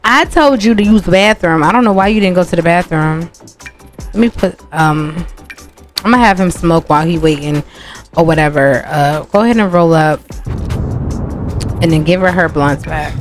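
A woman with a low-pitched voice chats casually as she plays through a life-sim game, cursing freely and talking straight to her viewers. Faint game music runs underneath her commentary. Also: normal speed, long pauses. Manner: chatty, profane, talks to viewers as "y'all". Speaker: gaming channel host.

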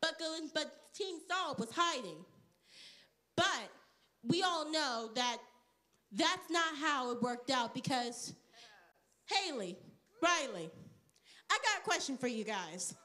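High, bright woman teaching a kids' lesson. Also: very animated, slow pace, long pauses. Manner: playful, dryly sarcastic asides, asks kids questions. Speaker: children's church teacher. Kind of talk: interactive Bible lesson for children. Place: church.

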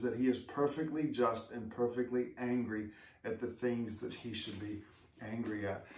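A male pastor delivers an earnest, conversational sermon, often asking his congregation questions. His voice is neither high nor low. It rings through a roomy, echoing space and sounds as if it comes from some way off the microphone. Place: church sanctuary. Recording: echoey room, mic far off.

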